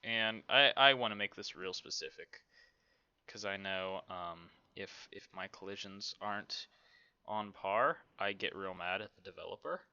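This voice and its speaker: A man explaining a game build at an unhurried pace, thinking aloud and trailing off into fillers. His voice is low-ish and bright, with a smooth tone. The sound is dry and a bit dull. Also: no echo. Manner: rambling, self-talking, many fillers. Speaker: game development tutorial host. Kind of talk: casual screen-recorded tutorial.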